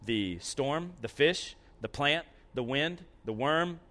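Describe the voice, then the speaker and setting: A man preaching a lively, conversational sermon. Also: a little high, takes it slowly.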